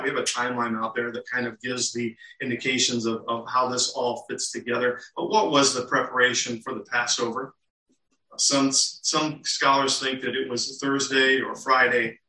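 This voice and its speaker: Bright-voiced male preacher in a roomy hall. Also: medium pitch. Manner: earnest teaching with rhetorical questions. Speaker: pastor. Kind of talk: sermon. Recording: roomy and distant.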